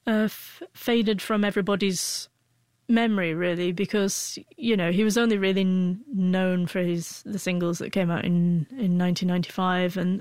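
A woman's voice: mid-range voice, darkish tone, no room sound. A woman in her forties, an interview guest who stutters, with frequent broken-off sounds and restarts as she tells a personal story.

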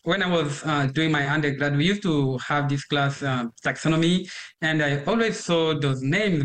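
A man, a PhD student researcher, speaking earnestly in a halting interview clip. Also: on the high side, a bit bright.

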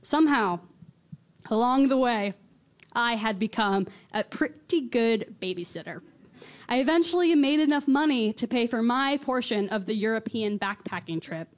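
A teenage girl telling a wry, conversational first-person story on stage, dropping low and soft at reflective moments. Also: lively intonation, moderate pace. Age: teens.

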